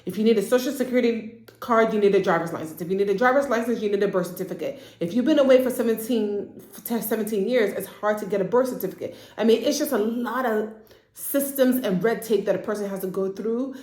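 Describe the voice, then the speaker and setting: A woman therapist giving a casual, chatty recap of a TV drama, slipping into quick impressions of the characters. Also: mid-range voice, a little mellow, reverberant. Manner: chatty, acts out characters' lines in quick asides.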